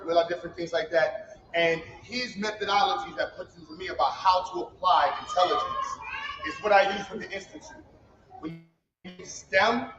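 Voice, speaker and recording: A man's voice: high voice, a bit bright, a little hiss or hum. A man giving an informal, heartfelt ceremony speech in loose, emphatic street talk. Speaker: founder giving a commencement speech. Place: event hall. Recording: roomy, slightly dull livestream audio with faint ambience.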